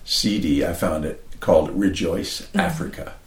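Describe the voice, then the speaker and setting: A man's voice: deep voice, sing-song, measured pace, reverberant, background noise. A man eagerly reminiscing about a shared trip in a casual chat. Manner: enthusiastic reminiscing storyteller. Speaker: guest.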